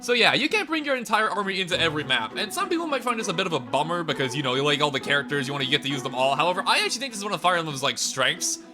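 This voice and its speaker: A man's voice: fairly high pitch, sing-song, rapid-fire, hardly any pauses. A young man hosting a let's play, giving chatty, self-deprecating gameplay commentary. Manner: chatty, self-deprecating, laughs at his own slips. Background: game music.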